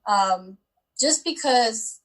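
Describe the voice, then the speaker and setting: A woman's voice: fairly high pitch, animated, drawn-out words, rough recording. Chatty young woman telling her story. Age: 20s. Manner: chatty, with many likes and ums. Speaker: guest. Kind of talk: casual interview storytelling.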